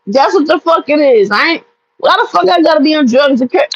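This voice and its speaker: A woman's voice: sits high, lively intonation, normal speed, lo-fi sound. A woman vlogger telling a personal story as a blunt, profane, heated rant.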